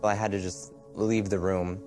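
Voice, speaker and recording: A young man recalling events in a documentary interview, halting and soft-spoken. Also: sits low, flat delivery, over music.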